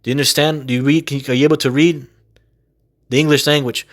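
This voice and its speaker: A man in an exasperated monologue, venting his grievance and repeating rhetorical questions again and again. His speech is peppered with profanity. His voice sits at an ordinary middle pitch for a man. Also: fairly even intonation, fast talker, long pauses. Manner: aggrieved, exasperated. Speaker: gaming video creator. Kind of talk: ranting monologue to camera.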